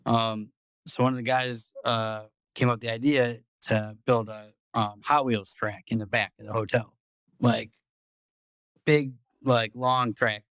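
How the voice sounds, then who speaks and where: Male podcast host, mid-pitch, rambling storyteller with a dry, close sound. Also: fairly even intonation, a little slow, a bit bright, clean tone, no echo. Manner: rambling, profane, repeats words. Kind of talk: casual storytelling.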